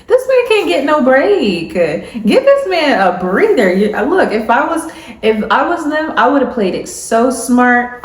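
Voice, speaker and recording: Young woman from south florida, sassy reality tv recap, highish voice, roomy echo. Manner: animated, sassy, talks back to the screen. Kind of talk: casual recap monologue. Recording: echoey room.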